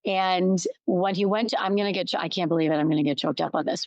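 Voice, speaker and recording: A middle-aged woman hosts a reflective solo podcast, candidly telling a personal story with restarts and emphatic repetition. Her voice is on the low side and quick, and the recording is dry.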